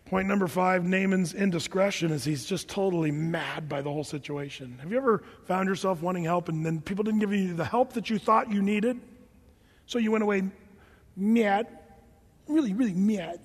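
Guy preaching a sermon, high voice, lots of echo from a big hall, animated and emphatic. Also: fairly quick, husky. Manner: animated, emphatic, repeats words while thinking. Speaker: pastor.

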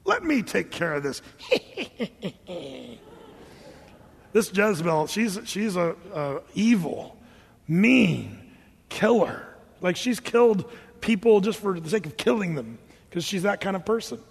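Male pastor, higher register, lively humorous storyteller, long reverb of a large hall. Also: takes it slowly, vocal fry, long pauses, breathy edge. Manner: animated storyteller, acting out characters with humor. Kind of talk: sermon.

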